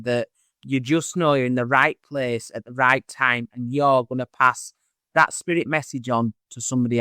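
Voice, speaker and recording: A man, a medium being interviewed, telling stories in a chatty, animated way. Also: mid-range voice, dry recording, clean studio sound. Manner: chatty, animated, acts out voices in anecdotes. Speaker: medium, podcast host as guest. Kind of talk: casual interview storytelling.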